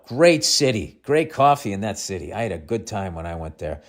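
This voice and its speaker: A man's voice: deep voice, very animated, fast, creaky, hardly any pauses, breathy edge. A man hosting a podcast, reading a listener's letter aloud and breaking in with profane, sarcastic asides. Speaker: podcast host.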